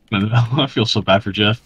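A man's voice: on the low side, takes it slowly, a bit bright, muffled recording, slight background noise. A man streaming a game, chatting casually and teasing his friends with bursts of laughter. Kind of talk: casual chat while gaming.

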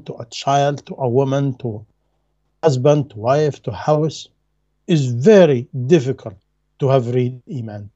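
A man's voice: mid-range voice, dark tone, husky, highs cut off. A man giving a religious lecture in non-native English, earnest and emphatic, repeating his key phrases. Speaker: Islamic lecturer.

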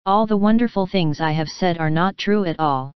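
Storybook: mischievous wooden marionette boy, eager and pleading, voiced by a woman, clear low-ish voice. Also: moderate pace, no room sound, highs cut off, close to an everyday voice.

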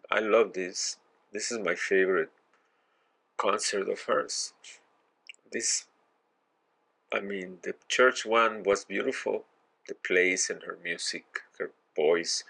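A man with a deep, gravelly voice reacts to a performance in casual commentary, gushing and searching for words. He speaks slowly and sounds moved, even a little teary, with a husky edge to his tone. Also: poor audio. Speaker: reaction video host.

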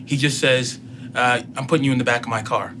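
A man telling a personal story in casual talk, acting out both sides of the dialogue with lively emotion. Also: medium pitch, a little fast, background noise. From United States. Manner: animated retelling, acts out both sides of dialogue. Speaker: podcast guest.

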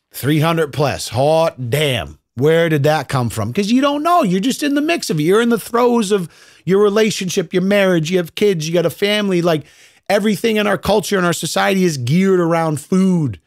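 Podcast host, man, 30s, casual profane monologue, slightly high pitch, dry room. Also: no echo. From United States. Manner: blunt, profane, conversational.

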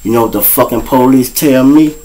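A man around fifty with a Chicago accent, hosting his own show and telling a raw street story to his listeners, profane and blunt, breaking into loud acted-out voices. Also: mid-range voice, brisk, rough recording. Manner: profane, blunt, addresses listeners directly, acts out voices loudly. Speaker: show host.

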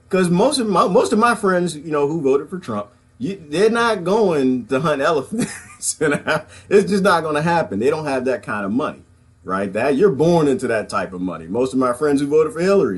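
A man's voice: a little high, animated, moderate pace, slightly rough. A man giving casual livestream commentary, rambling and conversational, calling his viewers y'all and chuckling between points. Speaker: political commentary vlogger.

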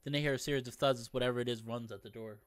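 A man's voice: mid-range voice, fairly even intonation, rapid-fire, clean tone, no room sound. Man reading a visual novel aloud. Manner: playful, breaks off to joke with viewers. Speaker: let's play narrator.

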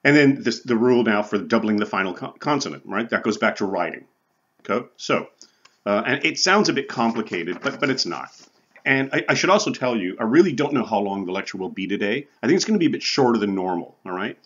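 A man's voice: on the low side, animated, quick pace, a bit bright, slightly rough, dull audio. A man teaching a recorded college English lecture in a conversational way, often checking in with "right?" and "okay?" and chuckling now and then. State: sweating from the heat. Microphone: recording for online viewers.

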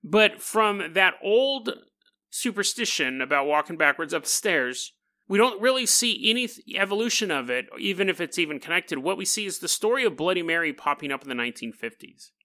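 A man's voice: high voice, animated, fairly quick, pushed and bright. A man hosting a podcast in a casual monologue, talking in a joking, self-mocking way. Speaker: podcast host.

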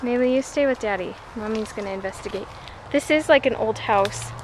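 Chatty high-voiced mom outdoors. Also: female voice, normal speed, background noise. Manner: chatty, excitable, drops to whispers. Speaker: mother and vlogger. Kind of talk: casual family vlog chat. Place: outdoors near a freeway.

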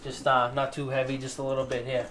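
A man's voice: medium pitch, completely flat delivery, quick pace, heavy background noise. A man with a Massachusetts accent cooking at an outdoor grill, cracking dad jokes as he goes. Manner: joking, self-mocking dad jokes. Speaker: cook. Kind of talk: casual cooking chat.

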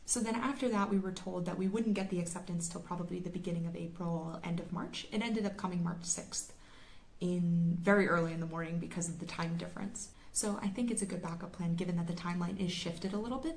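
A woman's voice: on the low side, fast talker, a little mellow, slight background noise. A woman in her twenties from the United States, a medical student vlogger giving a chatty, casual explanation to camera.

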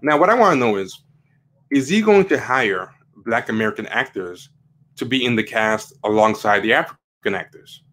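A man's voice: mid-range voice, expressive, normal speed, fairly bright tone. A man hosting a livestream, giving casual opinion commentary in a rambling way, with frequent fillers and emphatic rising questions. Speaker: livestream host.

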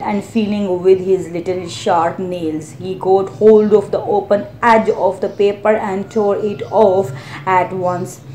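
A woman's voice: mid-range voice, mellow. A woman teacher reading a story aloud for a lesson, carefully stopping to explain hard words. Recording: roomy echo.

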